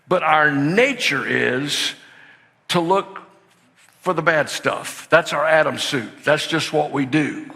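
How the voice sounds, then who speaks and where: An older man preaching a sermon, telling stories that swing from hushed to excited shouting. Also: on the high side, slow pace, creaky. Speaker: pastor. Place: church sanctuary. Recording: long hall reverb in a church.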